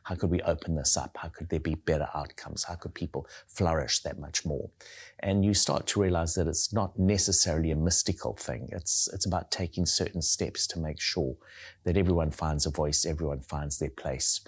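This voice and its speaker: A man with a South African accent softened by time in New Zealand, speaking thoughtfully as an interview guest and often repeating words while searching for phrasing. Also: very deep voice, fairly even intonation, normal speed, husky. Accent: South African, softened by years in New Zealand. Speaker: guest, leadership coach and theologian. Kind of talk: conversational interview.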